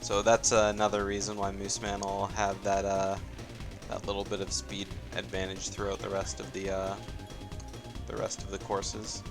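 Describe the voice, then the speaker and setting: A man's voice: low-pitched, monotone, moderate pace, creaky. A man casting a live racing game tournament, chatty and laid-back, trailing off with fillers. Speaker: tournament caster. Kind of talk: live esports play-by-play commentary. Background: soft game music.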